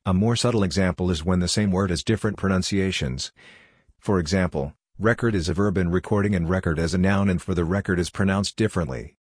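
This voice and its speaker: A man with a low, deep voice narrates a script in a measured, explanatory way. His voice sounds close and dry, with almost no room sound around it. He talks like a language explainer walking through examples. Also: husky, dry recording.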